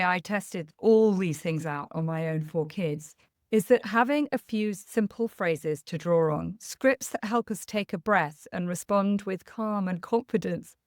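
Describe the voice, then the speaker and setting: A woman's voice: lowish voice, dry recording, clean studio sound. Earnest woman, parenting coach. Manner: earnest, candid and reassuring, laughing at herself. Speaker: parenting coach, podcast host. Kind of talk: podcast monologue with personal anecdotes.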